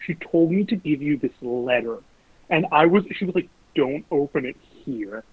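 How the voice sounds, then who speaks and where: A young man casually telling animated, sweary stories about his dating life. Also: on the high side, moderate pace, breathy edge, no room sound. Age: young adult. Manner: animated, swearing, mimics voices in quotes. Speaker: guest. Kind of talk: casual storytelling. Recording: lo-fi phone-like recording.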